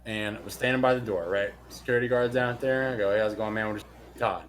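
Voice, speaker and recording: A young man co-hosting a podcast, telling a long story in casual chat, animated and swearing freely. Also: fairly low pitch, quick pace, a little hiss or hum. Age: young adult. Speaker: podcast co-host.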